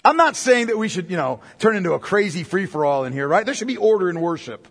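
A man preaches from the pulpit in a high, husky voice, his words ringing out with a long hall reverb. He rises to impassioned near-shouts and then drops to hushed, intimate tones. It sounds like a sermon in a large church sanctuary. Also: very animated, quick pace. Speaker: pastor.

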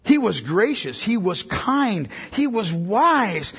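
A man preaching a sermon as pastor, swinging between loud emphasis and quiet, low passages. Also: big pitch swings, slow pace, husky, big-room sound.

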